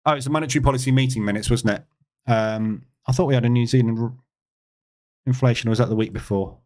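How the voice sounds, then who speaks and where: A man's voice: mid-range voice, quick pace, darkish tone. A man hosting a live trading stream, giving casual market commentary and thinking aloud with many fillers and asides.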